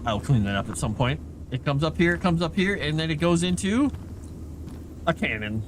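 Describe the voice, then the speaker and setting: A man's voice: a little high, sing-song, normal speed. Chatty, goofy man streaming a game. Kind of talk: casual gameplay commentary. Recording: noisy background.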